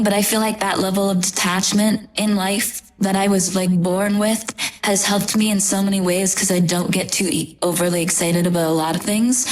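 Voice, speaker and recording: Young woman, tarot reader, casual chat, gushing, affectionate, mid-pitched. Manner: gushing, chatty and affectionate, trailing off and restarting.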